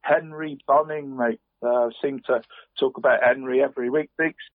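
A man's voice: medium pitch, steady tone, moderate pace, no echo. A man runs through weekend football scores in a loose, chatty, rambling way. His voice comes through dry and tinny, like a phone line, in the middle of the male range. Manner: rambling and chatty, constantly adding "mate". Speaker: radio football results presenter. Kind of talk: casual radio sports round-up.

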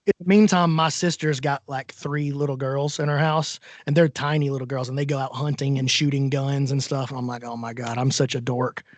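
A man with a Southern American accent from Alabama telling lively stories in casual conversation, laughing often. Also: medium pitch, brisk, few pauses, no echo. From Alabama, USA. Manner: animated storyteller, laughs often.

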